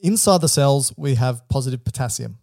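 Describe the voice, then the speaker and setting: Gravelly, mellow-voiced man explaining physiology. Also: medium pitch, expressive, fairly quick, no room sound, studio quality. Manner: explains step by step, checks in with "right?". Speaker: podcast co-host. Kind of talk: educational physiology podcast chat.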